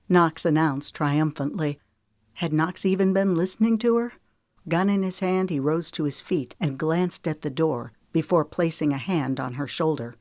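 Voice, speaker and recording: Low-voiced woman reading an audiobook. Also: moderate pace, a little mellow, no echo, clean studio sound. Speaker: audiobook narrator. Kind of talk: scripted audiobook narration.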